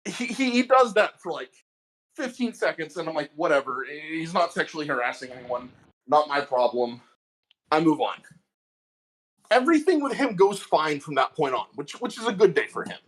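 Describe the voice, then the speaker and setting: A podcast co-host with a fairly high voice talks at a normal speed, spinning a long, casual tale about his day at work. He's animated throughout but tends to stammer when getting going.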